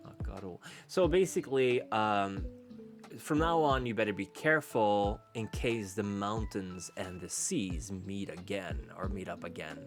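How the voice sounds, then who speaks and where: A young man on a casual live stream, translating aloud in a halting way, full of restarts. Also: lowish voice. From Sweden. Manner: reads lines aloud in a rough gruff tone. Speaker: VTuber streamer. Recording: faint background music.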